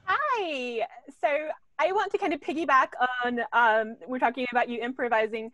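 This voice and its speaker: A woman interviewing a voice actor, asking eager, quick questions. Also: high-pitched, fairly bright tone, dry recording. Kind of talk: casual interview.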